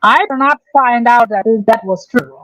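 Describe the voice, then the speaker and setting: Slow, halting woman on a livestream. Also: a little high, fairly bright tone, no echo, low-quality recording. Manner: halting, hesitant, many restarts. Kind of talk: casual livestream commentary.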